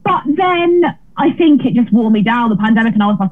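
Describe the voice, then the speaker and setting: Over a tinny remote connection, a female comedian from Britain chats as a guest in a casual interview. She talks fairly quickly in a slightly high voice with few pauses, mocking herself and restarting often.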